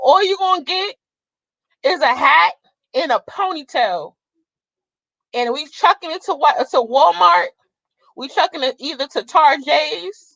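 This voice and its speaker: Young adult woman vlogger, blunt and cursing; bright, sharp tone, a bit muffled lo-fi recording. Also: high-pitched, vocal fry, dry recording. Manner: blunt, profane, fiery. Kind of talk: casual ranting monologue.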